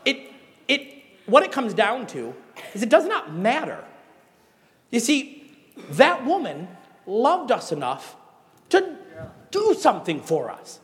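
A Midwestern pastor with a notably high voice preaches to his congregation. He tells animated stories, then drives home his points with emphatic exhortations. His voice carries with a long reverb, as if filling a large church hall. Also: slow pace, pauses often. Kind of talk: sermon.

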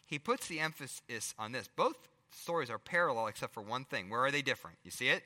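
A middle-aged male pastor preaching a sermon, firing rhetorical questions and swinging between loud emphasis and hushed asides. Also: medium pitch, lively intonation, brisk, few pauses, in a large hall.

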